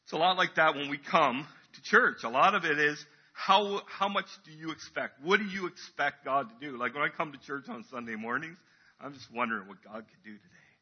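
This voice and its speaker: A man's voice: on the high side, fairly quick, husky, dull audio. A man preaching a casual, chatty sermon in church, acting out crowd voices as he tells the story.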